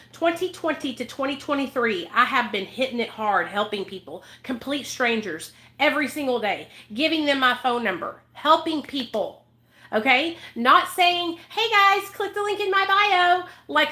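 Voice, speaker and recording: A woman with a high, bright voice vents to her viewers in a heated vlog rant. She swears freely and repeats herself for emphasis, speaking as someone who helps people in recovery. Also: animated, moderate pace. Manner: angry, profane, emphatic, repeats points. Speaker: recovery advocate vlogger.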